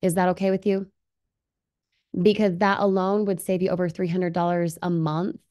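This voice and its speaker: A woman's voice: lowish voice, little pitch movement, normal speed, darkish tone. A woman presenting a live online webinar, upbeat and persuasive, often asking viewers questions and reading their comments aloud. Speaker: livestream presenter.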